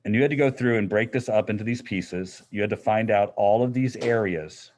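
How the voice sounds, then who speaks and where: A middle-aged man with a fairly low voice lectures a class in a classroom. He explains problems in a relaxed, conversational way, with plenty of fillers. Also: a little fast, a little hiss or hum. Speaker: physics teacher.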